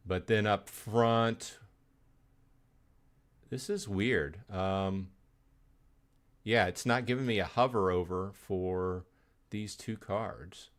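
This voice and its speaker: Low-voiced man rambling on a game stream. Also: slow pace, long pauses. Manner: rambling, many fillers and restarts. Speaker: live stream host. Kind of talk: casual gaming live stream chat.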